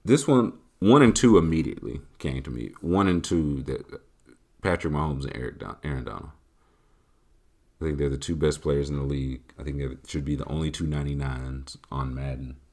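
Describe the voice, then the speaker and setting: A man hosts a podcast with a low, deep voice. He answers listener questions in a casual, joking, animated way. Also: a little fast. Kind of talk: casual chat.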